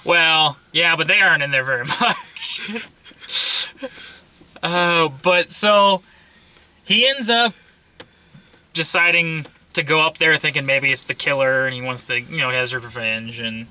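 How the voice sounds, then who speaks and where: A man co-hosting a movie review, chatting casually with wry, profane asides and quick jokes. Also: a little high, bright, forceful tone, clean tone. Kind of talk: casual chat.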